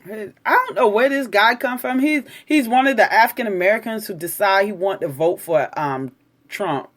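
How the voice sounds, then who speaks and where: A woman's voice: medium pitch, expressive, normal speed. Indignant woman lecturing her live-stream viewers. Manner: indignant, lecturing, talks back to commenters. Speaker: livestreamer reacting to news and viewer comments.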